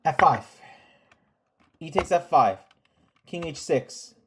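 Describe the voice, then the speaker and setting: Chess recap host, mid-pitched, sarcastic, scolding, reads move lists fast. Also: expressive, noisy background. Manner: sarcastic, scolding the players with rhetorical questions; calls out moves in rapid lists. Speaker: chess commentator. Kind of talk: chess game recap commentary.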